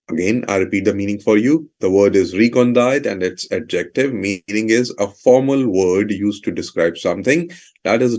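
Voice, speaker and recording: A man's voice: on the low side, a little mellow. A man teaching vocabulary, explaining each word's meaning and repeating definitions and example sentences with fillers like "you know".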